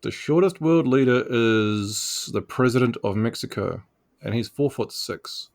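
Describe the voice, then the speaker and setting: A man's voice: mid-range voice, animated, unhurried, gravelly. A man in casual comedy podcast chat, a guest with a dry, inquisitive manner.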